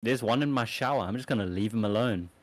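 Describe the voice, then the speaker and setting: An easygoing man with a South African accent chats as a guest on a voice call, telling relaxed anecdotes. His voice sits fairly low. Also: quick pace. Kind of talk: casual chat.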